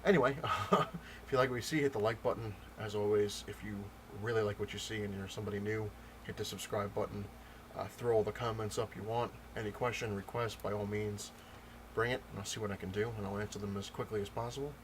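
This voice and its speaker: Man, lowish voice, casual vlog rant, rambling, lots of pauses and restarts. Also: fairly even intonation, background noise. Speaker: comic book vlogger.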